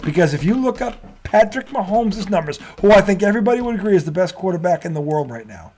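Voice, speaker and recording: A man's voice: high voice, big pitch swings, a little mellow, a little hiss or hum. A man hosting a sports talk show, ranting and swearing freely in a casual debate and laughing often. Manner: profane, ranting, quick to laugh.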